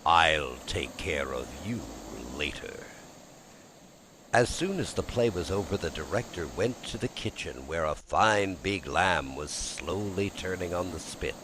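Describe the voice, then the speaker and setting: A man narrating an audiobook in an expressive, lively storytelling manner. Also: low-pitched, normal speed, hardly any pauses, noisy background.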